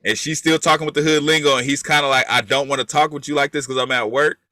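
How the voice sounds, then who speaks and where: Man, casual co-host, bright voice, dry close sound, acts out quotes, swears. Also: a little high, quick pace, dry recording. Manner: animated, acts out characters' lines; swears freely. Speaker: podcast co-host. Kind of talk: casual chat about a TV episode.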